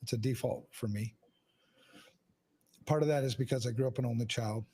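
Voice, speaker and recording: A man's voice: medium pitch, normal speed, dark tone, slightly rough. A man hosting a podcast, talking frankly and casually, swearing often and restarting his sentences. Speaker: podcast host. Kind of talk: candid casual conversation.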